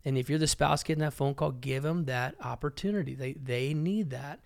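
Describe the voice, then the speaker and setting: A man's voice: mid-range voice, a little fast, gravelly. A man co-hosting a podcast as a pastor, talking casually with blunt jokes and preachy asides.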